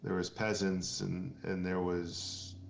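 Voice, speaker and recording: A man's voice: deep voice, monotone, slow, creaky, roomy sound, a little hiss or hum. A man from Maine, a company founder being interviewed, talking earnestly in a rambling way with many restarts. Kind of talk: casual podcast interview.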